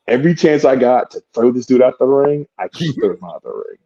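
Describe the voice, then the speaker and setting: A man's voice: medium pitch, fairly quick, hardly any pauses, highs cut off. A man, a wrestler guest on a podcast, telling a story with lots of profanity and acting out the quotes. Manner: profane, animated, acts out quotes. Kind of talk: animated storytelling.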